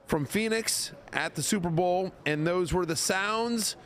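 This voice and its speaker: A man hosting a live sports talk show, joking and upbeat in quick back-and-forth banter. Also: sits high, fairly bright tone. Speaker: host. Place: broadcast set at a sports event.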